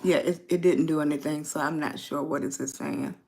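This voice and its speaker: A woman's voice: low-pitched, steady tone. A middle-aged woman with a Virginian Southern accent, chatting casually on a livestream, greeting viewers by name and spelling them out. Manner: slow, warm greetings to chat, spells out viewer names. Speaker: lifestyle livestreamer.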